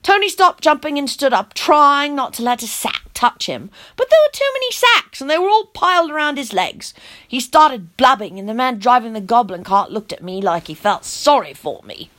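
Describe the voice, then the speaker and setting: A woman narrating a storybook in the first person, her voice animated and childlike. Her pitch sits a little high and swings widely through each sentence. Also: normal speed.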